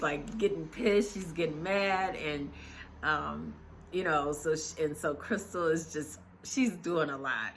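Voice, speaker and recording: A woman's voice: deep voice, fairly bright tone, slight background noise. A woman chatting casually as she recaps a reality TV episode, gossipy and full of fillers.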